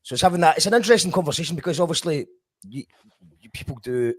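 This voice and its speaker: A man hosts a live-streamed chat in a slightly husky voice. He stumbles and restarts often as he reads out comments and asks questions. The sound is dry and close. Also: a little high, animated, racing, no room sound. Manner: hesitant, frequent restarts and fillers. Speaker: host.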